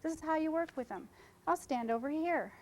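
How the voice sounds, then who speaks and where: A woman's voice: high-pitched, animated, fairly quick, low-quality recording. A middle-aged woman giving a casual seminar to photographers, chatty and joking, jumping from topic to topic. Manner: chatty, jumps between topics, jokes with audience. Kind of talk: informal seminar talk to photographers. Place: conference room.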